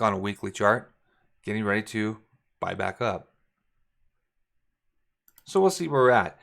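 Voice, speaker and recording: Sharing his screen, a man coaches viewers through forex charts in a relaxed way, thinking aloud and often correcting himself mid-sentence. His voice is mid-range.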